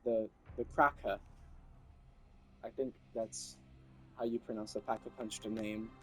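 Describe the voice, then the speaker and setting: A young man hosting his gaming channel, giving chatty, excitable commentary with playful asides. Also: lowish voice, measured pace, soft background music, poor audio. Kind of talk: casual gameplay commentary.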